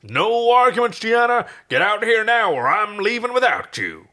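A man's voice: high-pitched, big pitch swings, moderate pace, sharp tone, voice pushed up, heavily acted. A man voicing a brash male astronaut who bellows bossy orders, while reading fan fiction aloud. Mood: bellowing.

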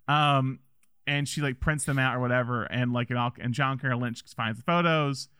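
A man's voice: medium pitch, fairly even intonation, moderate pace, pushed and bright, clean tone, dry recording, studio quality. A man casually chatting about a movie as a podcast co-host, rambling with many restarts and laughs.

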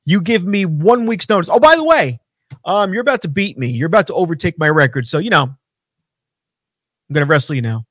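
A man's voice: a little high, big pitch swings, moderate pace, a bit bright, no echo, clean studio sound. A man co-hosting a casual wrestling talk show, ranting animatedly and swearing often. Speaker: podcast co-host.

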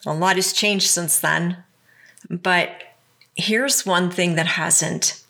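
Low, gravelly woman narrating a show. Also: steady tone, slow pace, sharp tone. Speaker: podcast host. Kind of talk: scripted narration.

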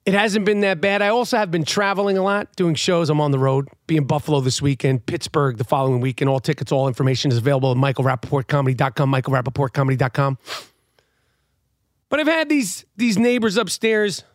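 A middle-aged man ranting loudly and profanely, switching between yelling and muttering, like a comedian talking straight to camera. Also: a little high, fast talker, no echo, clean studio sound. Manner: animated, loud, profane, swings between shouting and muttering. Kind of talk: profane comic rant.

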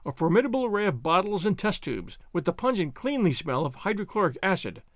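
A man narrating an audiobook in the first person, with an expressive storytelling delivery. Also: high-pitched, a little fast, dry recording, clean studio sound.

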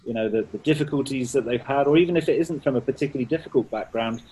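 A man's voice: mid-range voice, racing, dark tone, a little hiss or hum, poor audio. A man interviewing a guest on a call, asking a long, searching question that rambles on.

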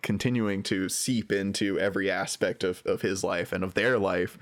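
A man co-hosting a podcast, discussing a film in a halting way with many restarts. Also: low voice, fairly even intonation, dry recording. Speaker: podcast co-host.

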